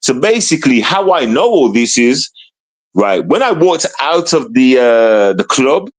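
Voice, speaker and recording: A man's voice: medium pitch, very animated, measured pace. A man telling a personal story in casual street slang, emphatic and repetitive, often checking that the listener understands. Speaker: guest telling his story.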